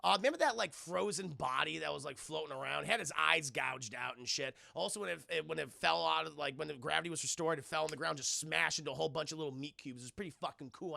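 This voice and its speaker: Gravelly high-voiced man chatting on stream. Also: bright, forceful tone, no room sound. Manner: rambling, profane, laughing, acts out scenes. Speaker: streamer reviewing a film. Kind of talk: casual livestream chat.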